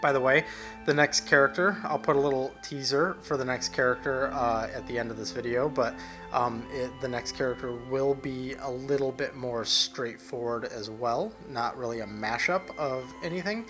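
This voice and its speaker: A man's voice: mid-range voice, moderate pace, music in the background. A young man casually narrating over his digital painting, rambling loosely with plenty of fillers and restarts.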